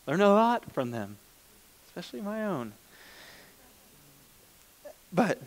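A man preaching a conversational sermon as pastor, plain-spoken and informal, often restarting mid-sentence. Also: medium pitch.

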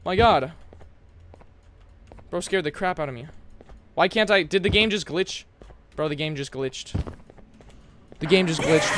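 A young man streaming a horror game live, chatting with his viewers and yelling whenever he gets scared. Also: high voice, a little slow, long pauses. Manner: loud, jumpy, yelling at scares, chatting to chat.

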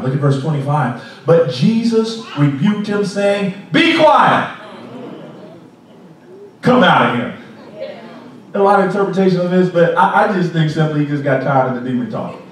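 A man's voice: high-pitched, slight background noise. A man preaching a sermon as pastor, pressing his congregation with repeated rhetorical questions. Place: large church sanctuary. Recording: echoey sanctuary from far off.

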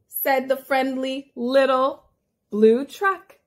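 A woman's voice: high-pitched, animated, slow, darkish tone. A woman speech therapist reading a picture book aloud to toddlers in a sing-song way with gasps of wonder.

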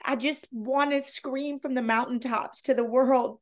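A woman's voice: sits high, steady tone, measured pace, hardly any pauses. A woman author guest, talking with earnest emotion about faith and loss, often repeating words as she is moved. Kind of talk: heartfelt faith conversation.

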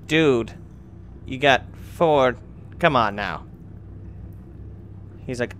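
A man's voice: on the high side, very animated, slow, pauses often, fairly bright tone. A man giving goofy, mildly crude commentary while playing a video game. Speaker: gamer. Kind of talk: gameplay commentary. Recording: noisy, with game sound behind.

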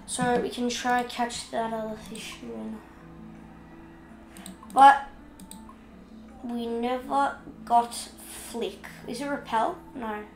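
A woman giving casual gameplay commentary, chatting along and scolding the fish in the game out loud while she has the hiccups. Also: on the high side, level tone, slow pace, creaky, reverberant, over music. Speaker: gaming video host.

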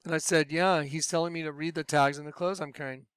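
A man telling his personal religious testimony in a lively storytelling way, acting out what he said back then. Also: a little high, fast, clean tone, no room sound, studio quality. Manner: animated storyteller, acts out his own past voice. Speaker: speaker sharing a religious testimony.

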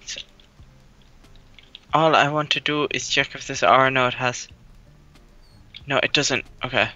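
A co-player in a casual let's-play who mostly mutters softly to themselves, often half-whispered. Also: mid-range voice, steady tone, a little slow, dull audio.

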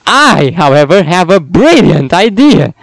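A man's voice: sits high, very animated, a little slow, dry recording, full character voice, low-quality recording. A man doing a scheming zombie scientist boss. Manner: bossy, scheming, insulting. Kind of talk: reading fan dialogue aloud.

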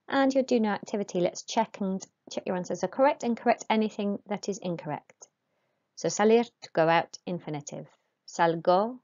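A woman teaching a recorded Spanish lesson, giving clear, patient instructions and saying Spanish words aloud. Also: mid-range voice, darkish tone, lo-fi sound.

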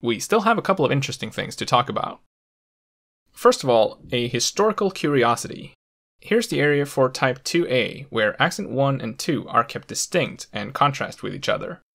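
A man narrating a scripted language lesson, explaining clearly with the odd playful aside. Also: mid-range voice, big pitch swings, moderate pace, a bit bright. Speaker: language educator.

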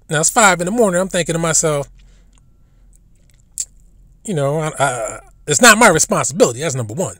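A man's voice: a little high, lively intonation, a little fast, long pauses, pushed and bright, no room sound, studio quality. A man telling stories in a casual, rambling monologue, blunt and profane, often stumbling over and repeating his words as a commentary host.

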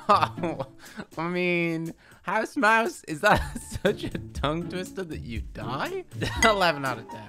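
A gaming video host giving playful commentary, cracking jokes, laughing often and reacting quickly to what appears on screen. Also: mid-range voice, lively intonation. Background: background music.

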